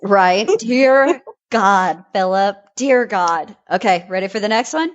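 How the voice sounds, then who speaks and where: A woman's voice: mid-range voice, slow pace, lo-fi sound. Giggly woman hosting a podcast. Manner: giggly, reads texts and quotes aloud. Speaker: podcast host. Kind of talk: casual comedy chat.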